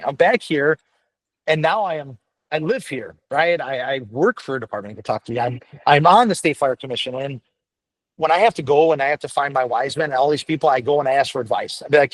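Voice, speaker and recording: Recorded dry, a firefighter paramedic from the United States speaks briskly in a fairly high voice. As a guest on a laid-back podcast interview, he rambles with many restarts and is blunt and profane.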